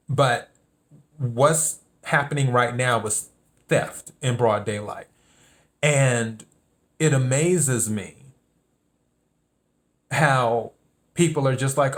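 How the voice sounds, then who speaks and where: Emphatic man hosting a solo commentary podcast. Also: mid-range voice. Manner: emphatic, repeats key points. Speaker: podcast host. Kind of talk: solo political commentary monologue.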